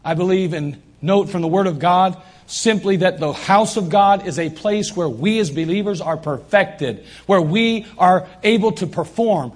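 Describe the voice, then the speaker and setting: A man's voice: sits high, slightly rough. A man preaching a sermon as pastor in a church, emphatic and repeating his phrases for stress. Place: church sanctuary.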